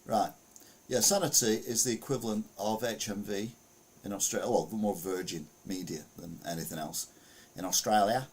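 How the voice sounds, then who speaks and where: Speaking at normal speed in a fairly low voice, with slight background noise, a UK podcast host reads out news stories casually. He rambles, chuckles and mutters asides to himself while sharing his screen.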